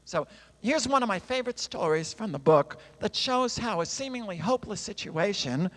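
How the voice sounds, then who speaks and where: Expressive male storyteller in a reverberant church. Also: high-pitched, normal speed. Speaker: songwriter and guest speaker. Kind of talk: sermon storytelling. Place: church sanctuary. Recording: long reverb in a large hall.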